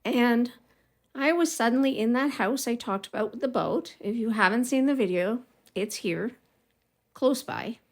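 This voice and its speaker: A middle-aged woman vlogger telling a childhood story in a casual, rambling way, drifting into side remarks and laughing softly now and then. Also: on the high side, measured pace. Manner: rambling and digressive, with frequent small laughs.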